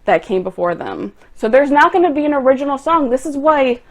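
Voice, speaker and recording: A young woman vlogger reacting to online film reviews, exasperated and ranting, turning loud and quick when annoyed. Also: high voice, big pitch swings. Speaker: movie vlogger.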